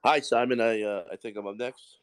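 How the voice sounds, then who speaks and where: A man's voice: on the low side, steady tone, brisk. Blunt New man calling in. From the Bronx, New York. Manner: blunt, rambling and emphatic. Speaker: caller asking a question. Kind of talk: live audio chat Q&A.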